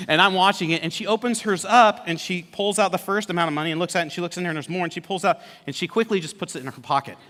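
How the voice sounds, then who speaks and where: A man's voice: high voice, racing, few pauses. A pastor in his forties telling a humorous family story in a sermon, acting out the people in it with dry sarcasm. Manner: animated storyteller, acts out quoted family members, dry sarcasm. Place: church auditorium. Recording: long church hall reverb.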